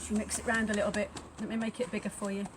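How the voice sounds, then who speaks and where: A woman's voice: medium pitch, flat delivery, rapid-fire. A Welsh woman hosting a church craft session, chatting playfully and joking at her own expense as she works. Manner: chatty and playful, laughs at herself. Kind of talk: casual craft demonstration. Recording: noisy room with hammering behind. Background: hammering noise.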